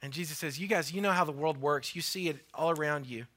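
A male pastor preaching a sermon, retelling a story with lively voices for the characters and repeating phrases for emphasis. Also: fairly high pitch, fast. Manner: animated storytelling, acting out the voices of biblical figures.

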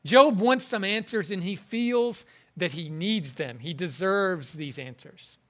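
A man preaching a sermon in an earnest, halting way, often repeating words as he goes. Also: sits high, lively intonation, fairly bright tone. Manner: earnest, halting, with frequent word repetitions.

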